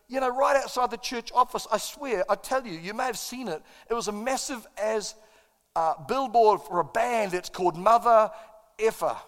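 A man's voice: sits high, a bit bright. A middle-aged man, preaching a sermon as a pastor in an impassioned, self-deprecating storytelling manner. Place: church auditorium. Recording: long reverb in a large hall.

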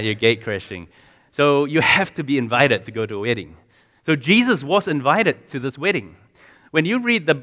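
A man delivers a sermon to a congregation, talking to them casually and quizzing them with questions along the way. He often stumbles, restarts and repeats words as he goes. His voice sits at an ordinary pitch and carries a long reverb from a large hall. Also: fairly bright tone. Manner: conversational, asks the congregation questions. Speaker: preacher.

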